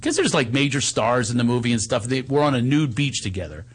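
A man telling a wild story in animated fashion, laughing as he goes. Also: medium pitch, fairly quick, husky. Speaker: actor and filmmaker telling a story. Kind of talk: casual anecdote.

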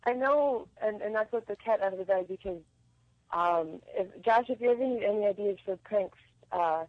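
A woman's voice: mid-range voice, moderate pace, no echo. Woman caller on a dull phone line. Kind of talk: phone-in chat.

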